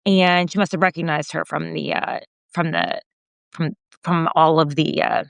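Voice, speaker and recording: A woman podcast host and journalist recounting a story in casual conversation, animated and full of fillers, raising her voice when quoting others. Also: normal speed, vocal fry, no room sound. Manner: animated retelling, voicing quoted remarks higher, frequent fillers.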